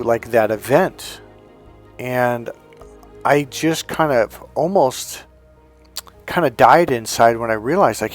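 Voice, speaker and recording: Guy coach telling a story from his past, kinda rambly and reflective, soft music in the back. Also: mid-range voice. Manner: reflective, conversational, with frequent restarts and fillers. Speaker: life coach. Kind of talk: personal storytelling to camera.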